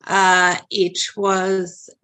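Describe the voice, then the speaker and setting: A woman guest on a podcast, telling her story in a hesitant way with many pauses and fillers. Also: fairly low pitch, completely flat delivery, pushed and bright. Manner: hesitant, searching for words. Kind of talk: interview storytelling.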